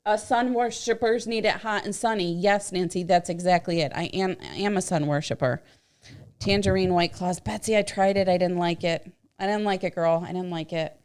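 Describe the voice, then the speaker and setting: A woman's voice: fairly low pitch, normal speed, darkish tone. A woman co-hosting a casual livestream, chatty and teasing, reading out viewer comments and laughing easily. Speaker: livestream co-host.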